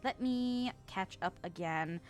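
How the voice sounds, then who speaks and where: A woman's voice: mid-range voice, takes it slowly, dry recording, faint music behind. A woman streamer in casual chat, reading chat messages aloud with lots of laughter and self-mocking jokes.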